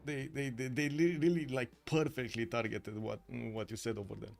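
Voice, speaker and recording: A man's voice: mid-range voice, steady tone, moderate pace, creaky, a little mellow. A man from Romania with a Romanian accent, casting a strategy game tournament live, answering chat with rambling talk, fillers and restarts. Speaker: esports caster.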